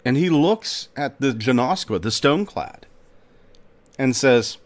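A man hosting a podcast, narrating a folk tale in a dramatic, expressive storytelling manner. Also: mid-range voice, unhurried. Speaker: podcast host.

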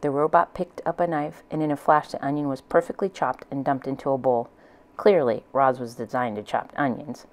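A woman reading a children's novel aloud in a gentle, plain storytelling manner. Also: very deep voice, steady tone, a little fast, rough recording. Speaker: audiobook reader.

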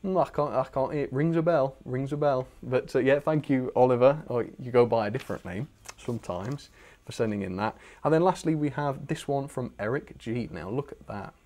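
A man's voice: medium pitch, moderate pace, a little mellow. A young British man hosting a live stream, chatting enthusiastically as he reads out viewer messages and shows their pictures. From Britain. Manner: chatty, enthusiastic, self-deprecating asides. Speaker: channel host reading viewer requests. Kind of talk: casual live-stream chat.

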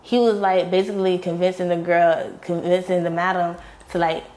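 A woman's voice: fairly low pitch, flat delivery, normal speed, a little mellow. A young woman, an interview guest, tells her story candidly in a blunt, profane way and acts out the voices of the people in it.

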